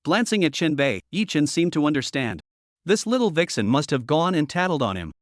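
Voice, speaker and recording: A man's voice: fairly high pitch, big pitch swings, brisk, dry recording, clean studio sound. A man narrating a comic story recap in a scripted, dramatic storytelling style.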